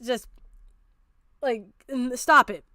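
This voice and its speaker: A woman's voice: on the high side, slow pace, sharp tone, dry recording, studio quality. A woman streamer giving blunt, profane commentary on a video, ranting and mocking as she talks.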